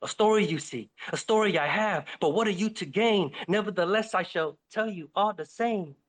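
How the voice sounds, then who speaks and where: A man's voice: sits high, normal speed, a bit bright. Brief: wise mysterious raven, put on by a man, solemn old-fashioned speech. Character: old wise male raven, clipped wings, mystical.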